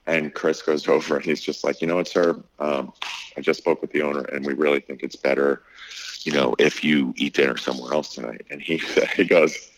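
Very deep-voiced man telling a story. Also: fairly quick, rough recording. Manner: animated storyteller, acts out quotes, many fillers. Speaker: restaurant owner. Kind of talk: casual interview storytelling.

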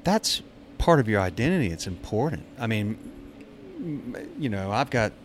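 A man hosting a casual podcast chat, relaxed and agreeable, with sentences that trail off and restart. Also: lowish voice, moderate pace, slight background noise.

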